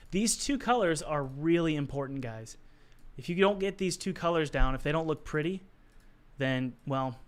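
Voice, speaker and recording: A man with a hoarse, worn voice, teaching art on a casual live stream, chatty and encouraging as he answers the chat while he works. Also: fairly high pitch. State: hoarse, losing his voice.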